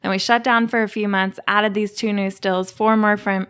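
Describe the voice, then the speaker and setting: A woman guest on a podcast, explaining how her distillery works in a relaxed, chatty way and laughing easily. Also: medium pitch, normal speed, clean tone. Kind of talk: casual podcast interview.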